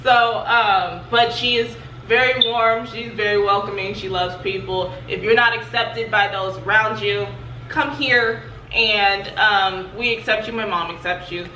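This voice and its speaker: A young woman with a bright, sharp tone who hosts her channel in loose, chatty talk full of fillers. Her voice sits back from the mic in a roomy space with faint noise behind it. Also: mid-range voice, steady tone, measured pace, far from the mic. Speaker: channel host. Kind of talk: casual vlog chat.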